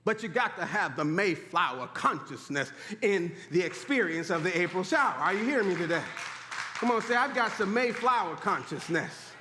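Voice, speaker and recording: A man preaching a sermon in animated call-and-response style, urging the congregation to repeat after him. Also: high-pitched, brisk, a little hiss or hum. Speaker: pastor. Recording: echoey hall.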